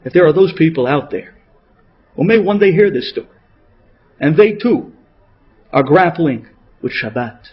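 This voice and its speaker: Rabbi guy preaching, kinda husky and higher-pitched, really dramatic storytelling, muffled lo-fi radio sound. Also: animated, moderate pace, long pauses. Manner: dramatic, emotional delivery with big swings in pitch and loudness. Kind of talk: sermon storytelling. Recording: dull lo-fi radio recording.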